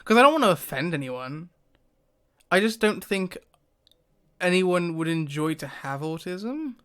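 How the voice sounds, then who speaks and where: A man's voice: high-pitched, very animated, a little slow, sharp tone, clear, resonant tone. Hesitant man thinking aloud, laughing. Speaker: YouTuber. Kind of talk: casual commentary to camera.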